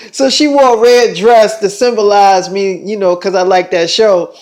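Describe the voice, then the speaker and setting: A young man with a noticeably high voice tells a long personal story to the camera. He rambles and swears freely, and he keeps circling back with fillers and restarts. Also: moderate pace, few pauses, darkish tone. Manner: rambling, profane, with repeated fillers. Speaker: vlogger. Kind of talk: casual storytelling monologue.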